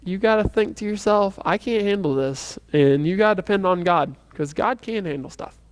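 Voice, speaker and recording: Brisk and clean-toned, a high-voiced man teaches youth Bible lessons. His casual church class meanders in a talkative way, packed with filler words and false starts.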